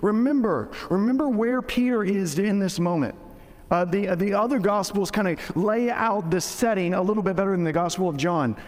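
Man preaching, high voice, conversational and joking, long reverb of a church hall. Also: normal speed. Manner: conversational, joking, with frequent restarts. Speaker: pastor. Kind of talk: sermon.

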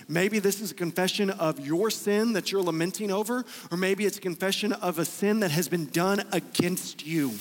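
Impassioned high-voiced preacher. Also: male voice, big-room sound. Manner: impassioned, swings between loud pleading and hushed; repeats words when pressing a point. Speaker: pastor. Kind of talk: sermon.

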